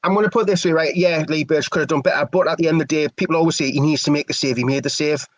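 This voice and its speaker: A man's voice: a little high, very fast, no echo, rough recording. Chatty man commentating. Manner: chatty, opinionated. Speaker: match commentator. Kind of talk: live fan play-by-play commentary.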